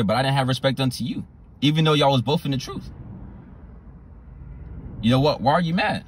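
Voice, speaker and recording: A man preaching a sermon, repeating his phrases and reading scripture verses slowly and deliberately. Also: fairly high pitch, a little hiss or hum. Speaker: street preacher.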